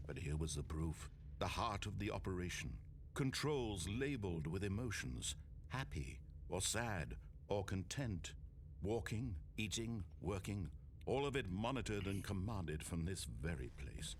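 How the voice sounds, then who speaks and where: A grand game narrator. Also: male voice, sits low, sing-song, unhurried, a little hiss or hum, exaggerated voice. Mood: grandiose. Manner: sweeping, theatrical storytelling. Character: grave, theatrical male storybook narrator of a game. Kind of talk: dramatic scripted narration. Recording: game audio with loud music.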